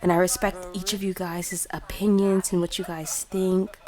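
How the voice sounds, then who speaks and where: A woman's voice: on the low side, flat delivery, normal speed, darkish tone, natural voice. Woman voicing an earnest young college student. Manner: hesitant, filler-heavy pleading.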